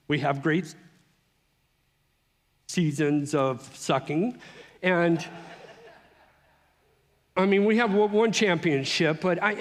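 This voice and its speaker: A middle-aged man speaks at a conference, sharing his own story in an animated, conversational way that often breaks off and restarts. His voice sits a little higher than most men's. A long hall reverb trails after his words. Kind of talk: personal testimony speech.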